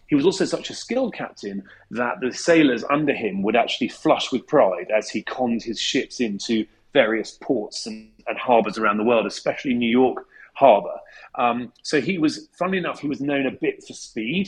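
A man of middle pitch talks as a guest historian, laying out his answers step by step. He tells anecdotes at length and fills his pauses with ums as he thinks. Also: poor audio. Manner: measured, anecdotal, with thinking fillers. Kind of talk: explanatory interview answers.

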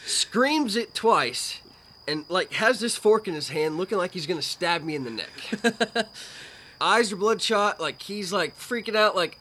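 Laid-back man with a bright voice. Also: sits high, animated, a little slow, slight background noise. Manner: laid-back, laughs while telling a story. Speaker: podcast guest. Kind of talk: casual storytelling. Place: outdoors at a table at night. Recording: faint outdoor night ambience with crickets.

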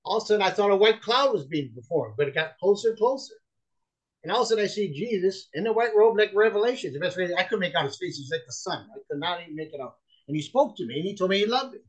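Earnest man telling his story, slightly high. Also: animated, quick pace, husky, rough recording. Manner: earnest, rambling, with many fillers and restarts. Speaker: guest, chaplain and author. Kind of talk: personal testimony storytelling.

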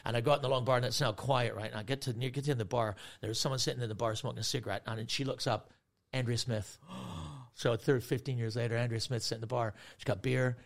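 A man's voice: mid-range voice, quick pace, vocal fry. A man in his forties telling a story on a podcast, laughing often and acting out other people's voices. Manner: animated, laughing, acts out voices. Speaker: comedian guest. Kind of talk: casual storytelling.

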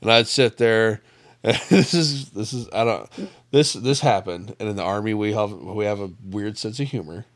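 A man with a fairly low voice co-hosts a casual podcast chat. He tells stories animatedly and laughs often, recorded dry and close with little room sound. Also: moderate pace, dry recording. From US Midwest. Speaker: podcast co-host.

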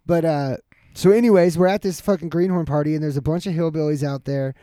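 A man in his thirties telling a story in casual chat, animated and heavy with profanity. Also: a little high, fast talker, no room sound.

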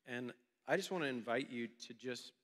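Bright-voiced pastor in a reverberant hall. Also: male voice, mid-range voice, moderate pace. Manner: conversational storytelling, informal. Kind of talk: sermon. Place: church meeting room.

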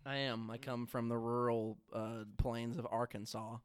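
A man's voice: medium pitch, moderate pace, smooth. A young man from Alabama, a podcast guest chatting casually and telling tall tales with a straight face. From Alabama, United States. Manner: deadpan joking, tall tales told straight. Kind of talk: casual chat.

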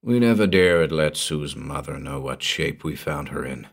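A man voicing a superstitious old backwoods hermit, in a slow rustic drawl that keeps dropping to a hushed, ominous tone. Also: a bass voice, lively intonation, creaky, pitched below the performer's own voice, full character voice.

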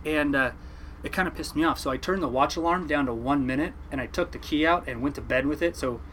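A man telling a casual story about captaining a fishing boat, animated and swearing casually. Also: on the high side, fast talker, a little hiss or hum, low-quality recording. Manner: animated, mimics people in quotes, swears casually.

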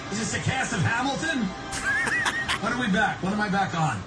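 A man rants in a frantic, profane stream, his voice high and swinging widely in pitch. The sound comes from far off in a roomy space, played back from a broadcast with loud music over it. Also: animated, brisk. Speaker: broadcaster caught on a hot mic.

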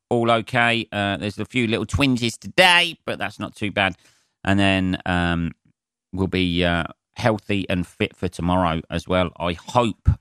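A man's voice: lowish voice, a bit bright, clear, resonant tone, dry recording, clean studio sound. A man from England, a comedian, rambling through a casual solo podcast, swearing freely and poking fun at himself. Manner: sweary, rambling, self-mocking.

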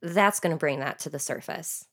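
A woman co-hosting a podcast in casual chat, talking quickly and swearing casually. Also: low voice, fairly bright tone.

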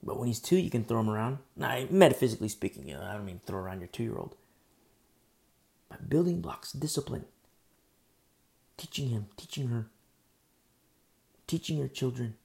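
Gravelly, blunt preaching man. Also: medium pitch, sing-song, normal speed, long pauses, darkish tone. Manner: blunt, emphatic preaching with asides and mock quotes. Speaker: pastor. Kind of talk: sermon.

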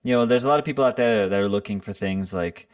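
A man's voice: lowish voice, fast, no echo, clean studio sound, distant mic. A man talking as a podcast guest in a casual interview, reflective and earnest in how he speaks.

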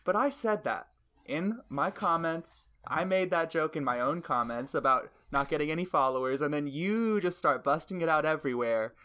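A young man co-hosts a casual podcast with a voice sitting a touch high for a man. He talks in slang and jokes, and gets animated when he argues a point. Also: normal speed. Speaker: podcast co-host.

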